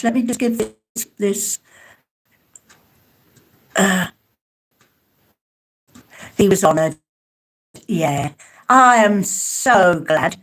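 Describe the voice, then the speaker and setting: A woman's voice: medium pitch, lively intonation, drawn-out words, pauses often, a bit bright. A woman giving a live spirit mediumship reading, hesitant and calling her listeners darling and sweetheart.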